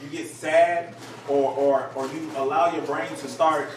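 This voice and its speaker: A man's voice: on the high side, a little slow. Man teaching from across an echoey room. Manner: lively storytelling, plays up voices in quotes. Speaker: teacher leading a group study. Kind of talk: casual group teaching. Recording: echoey room from far off, noisy.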